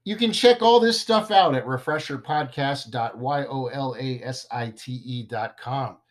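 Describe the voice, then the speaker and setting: A podcast host with a medium-pitched male voice speaks at a normal speed in a casual show. He's playful and self-deprecating, joking around and tripping over his words now and then.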